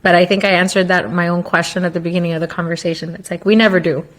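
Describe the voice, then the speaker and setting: A woman co-hosting a casual parenting podcast, speaking in a calm, practical way. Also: on the low side, very fast. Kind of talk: casual chat.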